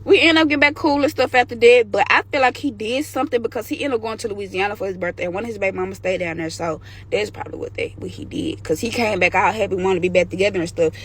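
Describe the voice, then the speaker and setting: A woman's voice: medium pitch, a little hiss or hum. A young woman telling a candid, slangy story from her own life to the camera. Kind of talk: storytime vlog.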